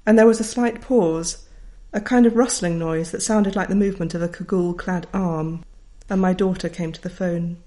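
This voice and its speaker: A woman's voice: on the low side, steady tone, moderate pace, hardly any pauses, dark tone. A middle-aged woman, a writer reading her own memoir aloud in a wry, reflective way. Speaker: author.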